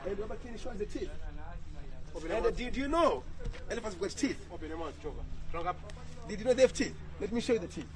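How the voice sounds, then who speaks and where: A man offers upbeat live commentary on an outdoor elephant sanctuary tour, praising visitors' pictures and explaining the animals. His high voice has lively intonation, a slightly quick pace and frequent pauses, and the low-quality recording carries crowd chatter nearby.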